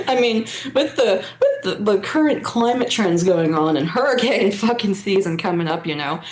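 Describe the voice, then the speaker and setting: A young woman co-hosting a comedy podcast, riffing with frequent laughter and casual swearing. Her pitch swings widely from phrase to phrase around a middle register. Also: animated, moderate pace, echoey room, a little hiss or hum, poor audio. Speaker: podcast co-host.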